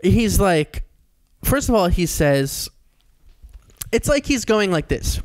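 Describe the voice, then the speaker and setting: A man co-hosting a comedy podcast in casual chat, animated and quick to jump into high comic voices. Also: no room sound, clean studio sound. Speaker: podcast co-host.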